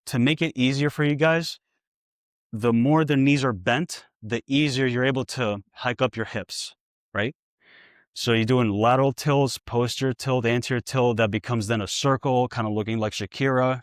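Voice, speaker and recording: A man with a New York accent, working as a therapist and coach, demonstrating exercises with brisk repeated cues and joking asides to viewers. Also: mid-range voice, smooth, no room sound, studio quality.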